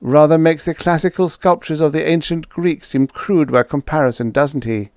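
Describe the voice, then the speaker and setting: A sardonic, sulky young man who stays dry and sarcastic, as a male audiobook reader plays him. It sits a little above the reader's low natural voice. The delivery is close and dry. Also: fairly even intonation, normal speed, a little mellow, clear, resonant tone, no room sound, close to an everyday voice. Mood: glum. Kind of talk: audiobook character voice.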